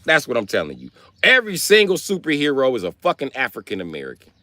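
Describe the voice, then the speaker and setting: Animated, profane male streamer. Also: mid-range voice, fast, no echo. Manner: profane, animated, slangy storytelling. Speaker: live streamer. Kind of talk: comedic casual rant.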